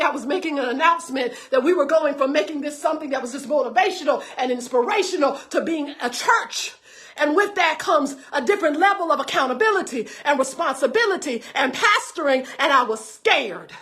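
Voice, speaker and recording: A woman pastor preaching fervently to a live-stream audience, greeting viewers by name and stumbling into quick repeated restarts. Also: high voice, pushed and bright. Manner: fervent, direct address to viewers, stammered restarts. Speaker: pastor and online show host.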